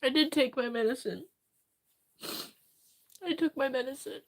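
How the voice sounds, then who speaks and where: A woman streamer with a slightly high voice talks through her chat while close to tears. She speaks haltingly and rambles, stopping and restarting as she runs herself down. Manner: halting, rambling, self-deprecating. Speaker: livestreamer. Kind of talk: live chat reading and reply.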